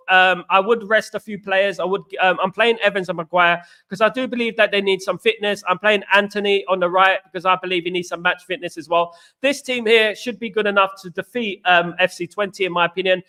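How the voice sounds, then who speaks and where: Animated man, bright voice. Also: high-pitched. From East London, England. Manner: animated, repetitive, chatty storyteller. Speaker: fan channel host. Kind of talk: live-stream fan chat reading comments.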